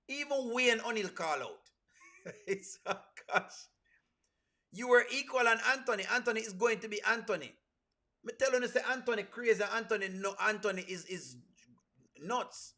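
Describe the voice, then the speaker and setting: A man with a Jamaican accent giving lively live reaction commentary, mixing patois into his English. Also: sits high, normal speed. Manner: animated, mixes patois with standard English. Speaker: reaction streamer.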